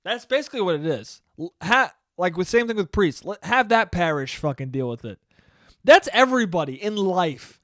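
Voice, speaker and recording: A man's voice: sits high, sing-song, normal speed, fairly bright tone, dry recording. A man hosting a solo podcast, telling a story in a profane, ranting, comedic monologue into a close mic. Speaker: podcast host.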